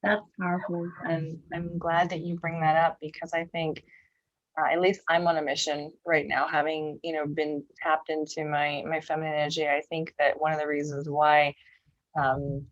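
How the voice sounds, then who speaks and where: A pregnant woman hosting a casual interview, asking gentle questions. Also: deep voice, level tone, moderate pace, lo-fi sound. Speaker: host.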